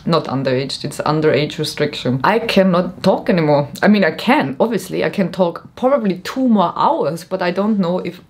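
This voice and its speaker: A woman's voice: on the low side, lively intonation, normal speed, few pauses. A young woman rambling in a comedic vlog, frazzled and worn out, self-mocking and giggly. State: frazzled and mentally tired. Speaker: vlogger.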